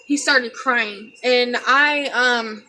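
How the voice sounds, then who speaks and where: A young woman telling a painful personal story to her viewers, tearful, halting and repeating herself. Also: on the high side, pushed and bright, slight background noise. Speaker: vlogger.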